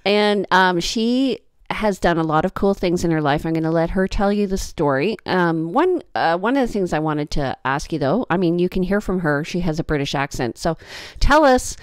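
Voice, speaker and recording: A woman's voice: on the low side, expressive, normal speed, hardly any pauses, clean tone, dry recording, clean studio sound. Upbeat woman podcast host. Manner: upbeat, chatty introductions. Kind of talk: podcast interview.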